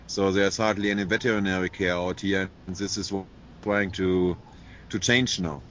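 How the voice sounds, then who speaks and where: A man with a low voice speaks as an interview guest. His delivery is measured and explanatory, with little rise and fall. The audio is muffled and lo-fi, with a faint hiss of noise behind him. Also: steady tone, fairly bright tone. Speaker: guest describing animal welfare work. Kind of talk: conversational interview answer.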